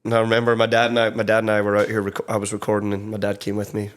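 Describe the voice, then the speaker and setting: A young Scottish man, a country songwriter guesting on a podcast, chats casually in a studio interview. His voice is lowish and monotone, and he rambles very fast with lots of fillers.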